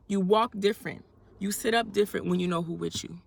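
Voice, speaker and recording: A woman's voice: medium pitch, a little fast, vocal fry, slightly rough, no echo. A woman giving an impassioned, emphatic faith pep talk, recorded on her phone in a parked car. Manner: fervent, emphatic, preacherly and colloquial. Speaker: faith vlogger.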